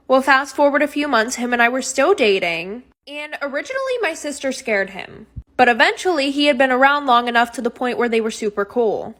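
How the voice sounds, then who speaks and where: A woman's voice: sits high, a bit bright. A young woman telling a personal storytime in a chatty, wry way.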